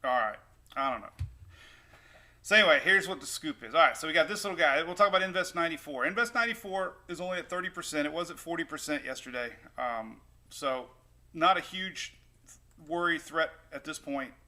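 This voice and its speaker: A man's voice: on the high side, animated, fairly quick, bright, forceful tone. A man hosting a casual weather livestream, rambling and upbeat as he chats with viewers. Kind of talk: casual live-stream chat. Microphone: new desktop microphone.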